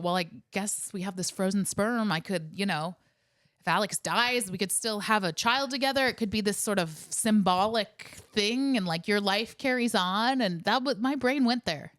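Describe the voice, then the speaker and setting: A woman's voice: mid-range voice, moderate pace, a bit bright, no room sound, clean studio sound. A woman co-hosting a podcast, recounting a hard story step by step in an earnest, conversational way. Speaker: podcast co-host. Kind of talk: casual storytelling chat.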